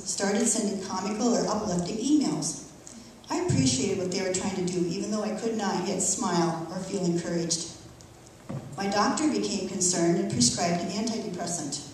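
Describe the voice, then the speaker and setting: A woman's voice: medium pitch, a little mellow, a little hiss or hum. Middle-aged woman reading testimony in church. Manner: earnest, emotional, measured reading. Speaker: church member giving testimony. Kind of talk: reading a personal testimony aloud. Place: church sanctuary. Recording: echoey church from far off.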